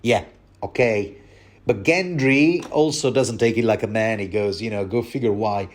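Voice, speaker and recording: A man's voice: lowish voice, moderate pace. A man hosting a rambling book commentary, talking digressively and addressing his listeners directly.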